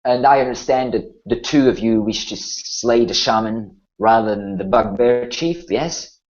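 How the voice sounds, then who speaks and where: A man's voice: mid-range voice, normal speed, a little mellow, close to an everyday voice. A man voicing a grim human general who speaks formally and gives orders. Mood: formal, stern. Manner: formal, commanding speech. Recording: muffled lo-fi recording.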